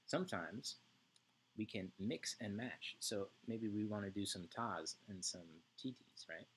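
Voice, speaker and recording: A man's voice: fairly low pitch, unhurried, fairly bright tone, a little hiss or hum. A male music teacher giving an online lesson to young children, chanting rhythm syllables and checking in often with "right?".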